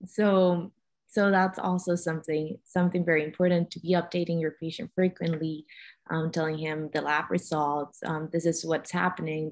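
A woman with a Spanish accent answering as a physician on a panel, careful and pausing with ums. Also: low voice, a little mellow. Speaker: physician guest.

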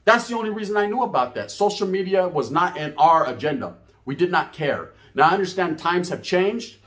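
A man's voice: sits high, big pitch swings, brisk, fairly bright tone. A middle-aged man, talking casually and bluntly to camera as a YouTuber, full of street slang and profanity.

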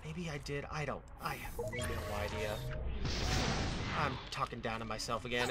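A man commentating his own gameplay, talking to himself, fretting and then hyping himself up with mock-dramatic shouts. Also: medium pitch, normal speed, very noisy. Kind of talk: let's play commentary. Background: game music.

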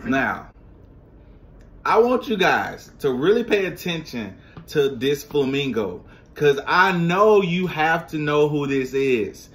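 A man hosting a casual reaction vlog, speaking straight to his viewers in an animated, slangy way. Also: a little high, slow. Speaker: vlogger.

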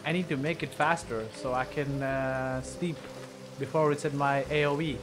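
A young man giving casual let's-play commentary, mumbling asides and bursting into loud yelps and cheers. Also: medium pitch, fairly even intonation, normal speed, over music. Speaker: gaming commentator.

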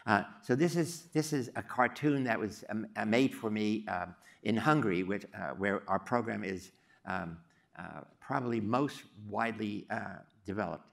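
An older man giving a storytelling lecture, halting often with uh and um. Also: on the low side, vocal fry. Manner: halting, many uh and um fillers. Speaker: psychology professor giving a talk.

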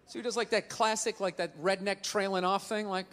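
Man, stand-up comedian, animated storytelling, swearing, very high-pitched, long hall reverb, faint noise. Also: a little fast, few pauses. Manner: animated storyteller, swears freely, acts out voices. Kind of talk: stand-up routine. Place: large venue stage. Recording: live stage in a large hall, faint noise.

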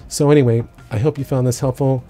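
A film school instructor talks fast in a steady tone, his medium-pitched voice dark, as he explains a filmmaking technique step by step with casual asides. Faint music plays behind him.

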